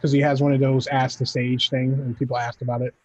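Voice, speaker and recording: Young male player, mellow tone, easygoing, dull lo-fi mic. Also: mid-range voice, level tone, fast, dry recording. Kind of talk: casual gaming chat.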